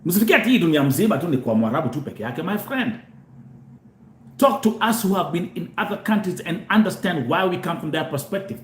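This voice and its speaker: A man's voice: on the high side, very animated, brisk, roomy sound, slight background noise. A man from Kenya hosting a show, talking animatedly to viewers and switching between Swahili and English, often repeating himself. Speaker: host. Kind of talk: live show monologue to viewers.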